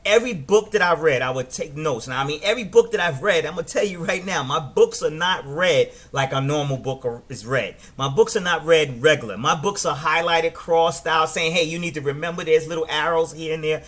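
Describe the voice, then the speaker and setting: A middle-aged man with a New York accent, giving a casual, animated business training talk and often restarting his words. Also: a little high, a little fast, hardly any pauses. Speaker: network marketing trainer.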